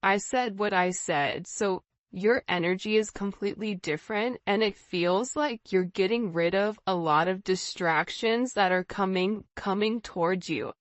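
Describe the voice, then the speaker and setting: Woman tarot reader, chatty and intuitive, middle pitch, slightly muffled recording. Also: unhurried, hardly any pauses, dry recording. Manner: intuitive, repetitive, casual phrasing. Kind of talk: tarot reading monologue.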